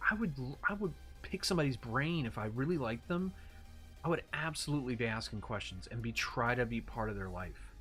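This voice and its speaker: Man, casual commentary rant, animated and profane, mid-pitched voice, faint music underneath. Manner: animated, swings into mocking impressions and sarcastic read-outs; profane, exasperated rants. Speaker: commentary host.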